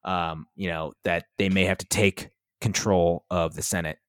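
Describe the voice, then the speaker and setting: Deep-voiced man rambling in casual chat. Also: level tone, moderate pace, smooth, no echo, studio quality. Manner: rambling, restarts, swears casually. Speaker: podcast co-host. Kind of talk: casual chat recapping a TV episode.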